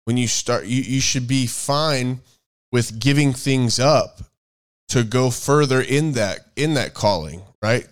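A man co-hosting a casual faith-based chat, rambling and thinking out loud as he searches for words. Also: mid-range voice, clean tone. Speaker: podcast co-host.

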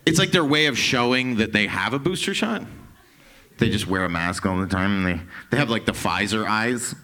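Lively, bright-voiced male stand-up comedian. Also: on the low side, moderate pace. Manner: profane, loose and riffing, slipping into mocking voices. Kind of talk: stand-up set with crowd work. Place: comedy club stage.

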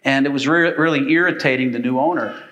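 A man's voice: medium pitch, quick pace, a bit bright, dull audio. Older male pastor, folksy rambling sermon delivery. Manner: folksy, rambling, with frequent fillers.

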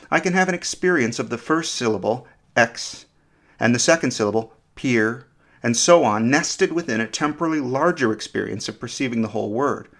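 A man reads a scripted podcast episode in a thoughtful, measured way. He talks straight to the listener and keeps asking them questions. His pitch sits in the middle of the usual range for a man. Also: a bit bright. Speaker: podcast host. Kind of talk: scripted explanatory narration.

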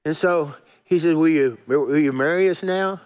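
A man's voice: fairly high pitch, normal speed, a little mellow, clean tone. A middle-aged male pastor telling a story in a sermon, folksy and chatty, often restarting and chuckling at himself.

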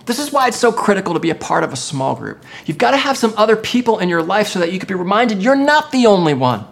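Expressive pastor preaching a sermon. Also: medium pitch, fast, vocal fry. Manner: expressive preaching, swinging from emphatic to hushed.

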